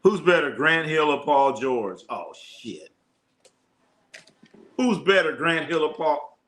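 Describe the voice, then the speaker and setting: Reading out viewer comments on his live sports stream, this man riffs with loose, profane jokes. He speaks slowly and expressively in a fairly high, slightly bright voice.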